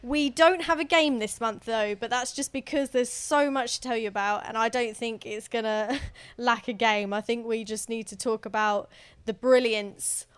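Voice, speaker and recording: A woman's voice: fairly high pitch, normal speed, clean tone, no echo. Enthusiastic woman co-hosting a travel podcast. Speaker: podcast co-host. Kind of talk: casual travel chat.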